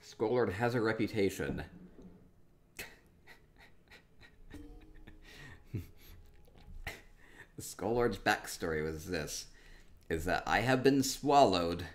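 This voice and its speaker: Playful low-voiced male streamer. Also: lively intonation, extremely slow, pauses often. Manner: playful, rambling, thinking aloud. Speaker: streamer touring player homes in a game. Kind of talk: casual live-stream commentary.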